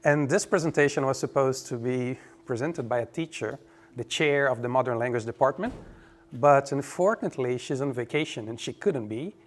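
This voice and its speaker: A man from Brazil, giving a relaxed, joking conference presentation. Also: mid-range voice, moderate pace. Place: conference room.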